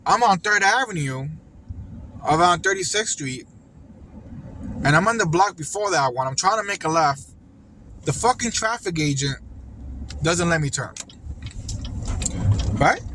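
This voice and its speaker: A man's voice: a little high, sharp tone, a little hiss or hum. A man, a car service driver, ranting angrily from inside his car and cursing a lot. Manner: heated, cursing, exasperated. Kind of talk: angry vlog rant.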